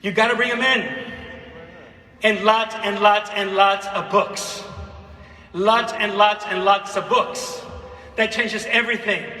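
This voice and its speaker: A man giving a conference keynote on teaching, talking in an animated way and repeating phrases for emphasis. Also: high-pitched, takes it slowly, pauses often. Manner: animated, dramatic read-aloud with repeated phrases. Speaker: keynote speaker. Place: large hall. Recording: echoey hall from far off.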